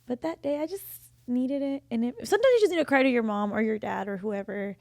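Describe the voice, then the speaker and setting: Podcast co-host, woman in her twenties: high voice with a lot of fry, emotional chatty storytelling, dry close mic. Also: quick pace, a little mellow, dry recording. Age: 20s. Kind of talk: casual chat.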